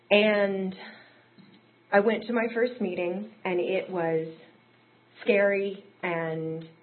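A woman telling her own recovery story in a candid, conversational way that rises into emotional peaks. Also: lowish voice. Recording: tinny phone-like audio.

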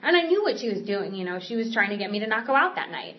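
A woman tells her own recovery story in an earnest, candid way, stumbling through restarts and fillers as she goes. Her pitch sits in an ordinary middle range. The recording sounds slightly dull and muffled. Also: very animated. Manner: halting, frequent fillers and restarts. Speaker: speaker sharing a recovery story. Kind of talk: personal recovery testimony.

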